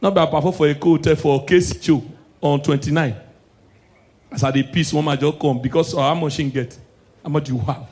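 Nigerian pidgin guy doing standup, fairly high voice, goes quiet and preachy then yells the punchlines. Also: steady tone, brisk. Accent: Nigerian Pidgin English. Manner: swings between hushed preachy asides and shouted punchlines. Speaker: stand-up comedian. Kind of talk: stand-up comedy set.

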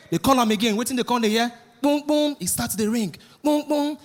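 A man with a Nigerian accent doing animated stand-up comedy, shouting his punchlines in pidgin. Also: very high-pitched, fairly quick. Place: live comedy venue. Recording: live stage with crowd noise and echo. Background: audience.

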